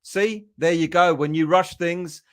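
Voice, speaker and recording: A man's voice: on the high side, unhurried, fairly bright tone, smooth. A man hosting a football fan livestream, rambling and chatty as he greets viewers by name. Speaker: fan channel host. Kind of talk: casual livestream chat.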